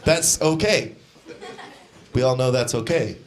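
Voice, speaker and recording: A young man doing a stand-up comedy set on a club stage, deadpan, now and then shouting out the lines of the people in his stories. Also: medium pitch, measured pace. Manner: deadpan, acts out quoted characters with shouted voices. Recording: live club set with crowd laughter. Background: audience laughter.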